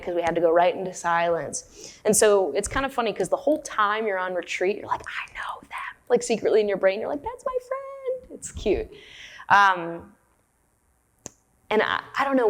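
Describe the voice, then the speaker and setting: A woman giving a dharma talk, telling a personal story in a candid, self-deprecating way. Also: fairly low pitch. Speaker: meditation teacher.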